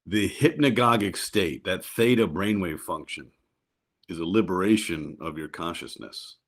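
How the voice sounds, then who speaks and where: A middle-aged man appears as a guest on a podcast, chatting casually in an interview. He's lively and animated, and his pitch jumps up when he tells stories.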